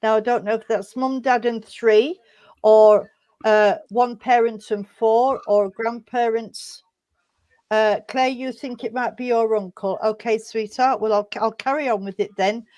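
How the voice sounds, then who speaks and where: A woman medium delivers messages at a service in a slightly high, darkish voice with a steady tone. Her speech is halting, with many fillers and restarts, and she calls her listeners sweetheart.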